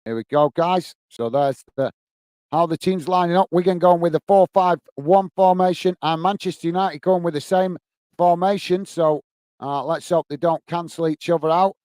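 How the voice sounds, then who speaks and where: A man's voice: a little high, normal speed, darkish tone, clean tone, no echo. A man hosting a football watch-along stream, chatting casually and reading out viewer comments to answer them. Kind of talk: live-stream casual chat.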